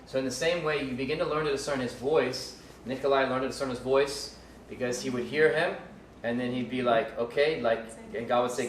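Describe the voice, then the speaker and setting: Teaching a live ministry school class, a man wanders loosely through the material with many fillers, restarts, and jokes. His mid-range voice is fairly even in intonation and fairly quick, with hardly any pauses. The room is echoey, the mic sits at a distance, and there's faint background noise.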